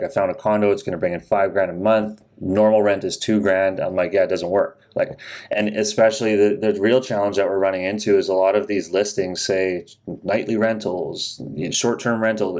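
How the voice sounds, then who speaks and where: Low-voiced matter-of-fact mortgage broker man. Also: little pitch movement, darkish tone. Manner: matter-of-fact, explanatory, measured. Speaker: podcast co-host, mortgage broker. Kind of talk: casual podcast talk.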